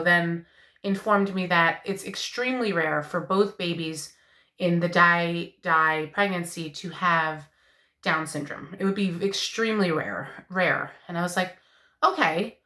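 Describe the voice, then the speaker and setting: Woman in her thirties, vlogger, bright tone, lowish voice, candid, halting, emotional. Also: roomy sound. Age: 30s. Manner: candid, halting, many fillers. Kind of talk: personal video update.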